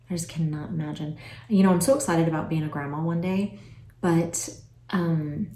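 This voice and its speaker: A woman in her forties chatting to camera in a vlog, emotional and soft-spoken, trailing off with fillers. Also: echoey room, slight background noise. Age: 40s. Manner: high cooing voice when talking to her pets. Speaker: vlogger. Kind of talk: casual chat to camera. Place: at home, indoors.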